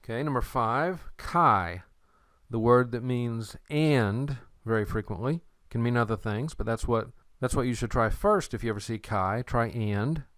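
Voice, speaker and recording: A man lectures in a slow, unhurried way, his voice smooth and resonant. He explains patiently and slips in playful memory tricks, recorded close and dry with no room sound. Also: medium pitch, fairly bright tone, no room sound. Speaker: Greek teacher.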